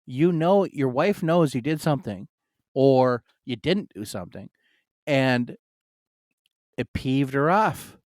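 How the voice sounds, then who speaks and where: A man's voice: mid-range voice, animated, slow, pauses often, darkish tone, dry recording. Brief: adult male co-host, loose rambling storyteller, mid-range voice, dry close recording. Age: adult, married. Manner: rambling and storytelling, full of "like" fillers. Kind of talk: casual chat.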